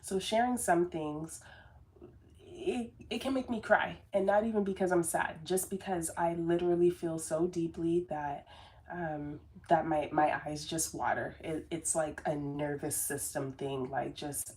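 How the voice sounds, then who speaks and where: Speaking somewhat low and a little mellow, a woman keeps a steady tone and an unhurried pace. She's a business coach giving a casual, rambling motivational talk to camera, earnest and packed with fillers and restarts, and says she is very sensitive.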